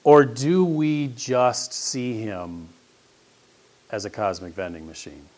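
A man's voice: mid-range voice, slow, darkish tone, a little hiss or hum. A man giving a sermon as a pastor and teacher, telling stories casually and building up to emphatic questions. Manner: conversational storytelling with rising emphatic questions.

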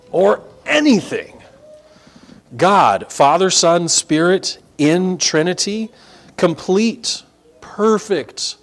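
A middle-aged man preaching a sermon as pastor, acting out voices and dropping to quiet asides. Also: on the high side. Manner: animated, acts out crowd voices, drops to quiet asides.

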